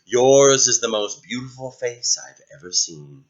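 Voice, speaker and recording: A man voicing a magic mirror in a storybook, speaking low and slowly. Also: dull audio, close to an everyday voice. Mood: solemn. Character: magic mirror face, solemn and truthful.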